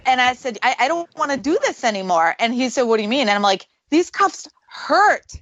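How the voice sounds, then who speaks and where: A woman's voice: a little high, animated, quick pace, dry recording, dull audio. A woman, a paranormal investigator, tells a story on a radio show and acts out the voices she quotes.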